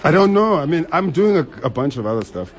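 A man's voice: fairly high pitch, very animated. Male comic, thirties, loose rambling interview talk. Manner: rambling, frequent restarts, quick laughs. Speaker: stand-up comedian, guest. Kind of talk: casual interview chat.

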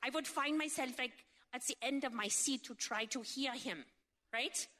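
Speaking at a faith event, a woman delivers a funny sermon full of fast asides, her high voice bright and lively. Rhetorical questions come often as she keeps checking that the audience is with her.

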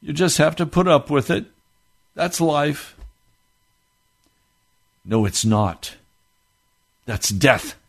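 A man's voice: fairly high pitch, lively intonation, takes it slowly, gravelly, long pauses. A man preaching a sermon with impassioned delivery, from the United States, rising into fervent outbursts.

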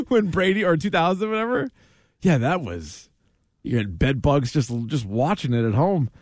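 A man, talking sports on a casual radio show. His voice sits a bit high for a man, and the dry, close sound has no room echo. He is lively and acts out what players would say. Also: normal speed. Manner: animated, laughs often, acts out players' reactions. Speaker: sports talk co-host.

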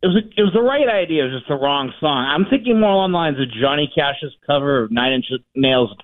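A man calling into a radio show, speaking in a halting, wry way over a phone line. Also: on the high side, expressive, dry recording. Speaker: caller. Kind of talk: call-in comment.

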